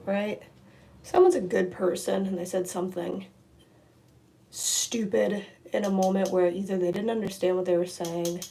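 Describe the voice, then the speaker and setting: Young woman, casual livestream vent, blunt and swearing, gravelly voice, faint room hiss. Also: mid-range voice, a little mellow. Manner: frank, swears freely, many fillers. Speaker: livestream host. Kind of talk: casual ranting while doing makeup. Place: home room.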